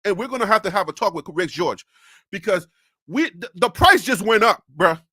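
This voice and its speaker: Sports-stream host, bright edgy tone, very dry close sound, animated rant, repeated rhetorical questions, desk USB mic. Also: mid-range voice, normal speed, breathy edge, dry recording. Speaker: sports talk show host. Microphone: USB desk microphone.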